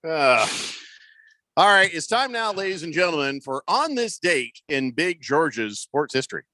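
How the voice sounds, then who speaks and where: A man's voice: fairly high pitch, big pitch swings, moderate pace, pushed and bright, no room sound. A man hosting a radio sports show, rambling and joking about himself in casual talk. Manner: rambling, joking, self-mocking. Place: radio studio.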